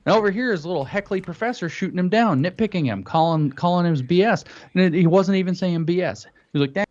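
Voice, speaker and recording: A man telling an animated story in casual chat, acting out what others said. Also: on the high side, a little fast. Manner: animated storytelling, acts out quotes. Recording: dull lo-fi audio.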